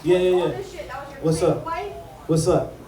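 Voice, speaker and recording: A man's voice: a little high, flat delivery, slow, a crowd in the background. A man doing stand-up comedy, telling a rambling, repetitive, confessional story on a small club stage. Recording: echoey room from far off.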